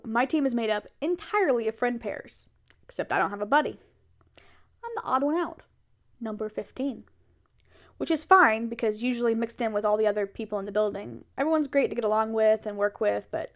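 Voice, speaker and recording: Speaking briskly in a fairly high voice, a young woman role-play performer addresses her partner in a casual audio monologue. Animated and chatty, she unloads about her day.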